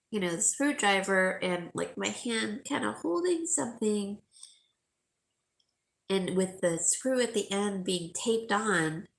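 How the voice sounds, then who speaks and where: Middle-aged woman, jewelry sale host, slow chatty talk, gravelly voice. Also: mid-range voice. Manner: slow, chatty, emotional, talking to viewers by name. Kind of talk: casual chat with viewers.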